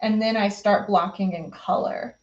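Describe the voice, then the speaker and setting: Casting: woman, mid-pitch, relaxed live-stream host chatting while painting, slightly dull lo-fi audio. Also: normal speed. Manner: chatty, loose, many fillers, reading viewer comments.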